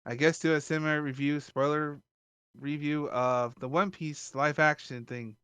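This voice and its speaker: Smooth-voiced man hosting a podcast. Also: fairly high pitch, fairly even intonation, a little slow, a bit bright, dry recording. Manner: rambling with many fillers. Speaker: podcast host. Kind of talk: casual podcast chat.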